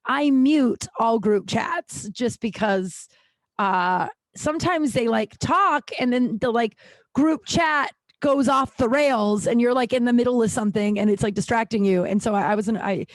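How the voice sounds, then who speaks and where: A woman's voice: on the high side, measured pace, no echo. A woman hosting her own podcast, chatting casually and rambling through stories with lots of "like" and plenty of swearing. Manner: rambling storytelling, heavy use of "like", frequent swearing. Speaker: podcast host. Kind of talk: casual solo podcast chat.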